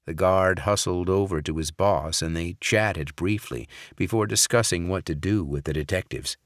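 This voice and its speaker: A man narrating a thriller audiobook in a measured, even storytelling manner. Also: low-pitched, no echo, studio quality. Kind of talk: scripted narration.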